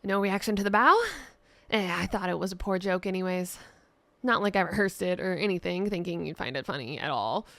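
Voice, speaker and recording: A woman's voice: fairly low pitch, brisk, a bit bright, dry recording. A woman voicing a theatrical male jester and priest who talks in playful, rambling banter. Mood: teasing.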